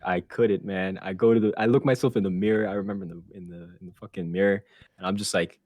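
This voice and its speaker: A man with a somewhat low voice tells a story on a podcast, loose, animated and full of swearing. He breaks into laughter now and then. The sound is close and dry, with no room around it. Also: fast talker, no echo. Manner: animated, profane, laughs through his story. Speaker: podcast host. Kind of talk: casual storytelling chat.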